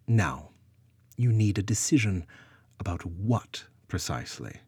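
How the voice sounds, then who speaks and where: A man's voice: deep voice, expressive, measured pace, a little mellow, husky, dry recording, full character voice. A man voicing a proud, commanding goddess queen who speaks sternly. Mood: regal, stern. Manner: stern, regal.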